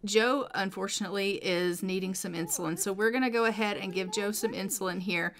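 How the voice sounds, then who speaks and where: A woman's voice: medium pitch, steady tone, fairly quick. A woman casually narrating a life-simulation game playthrough, chatty and loose with fillers. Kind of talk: chatty let's play storytelling.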